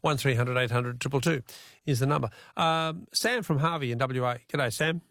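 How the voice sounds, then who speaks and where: An Australian man hosting a talkback radio quiz in an easygoing, chatty way, reading the questions out slowly from a studio. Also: mid-range voice, fairly bright tone, no room sound. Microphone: studio microphone.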